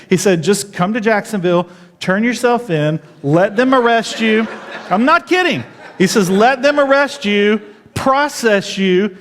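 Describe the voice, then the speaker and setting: Animated high-voiced pastor, churchy reverb. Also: male voice, moderate pace. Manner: animated, jumps high when retelling his outrage. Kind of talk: sermon storytelling. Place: church auditorium.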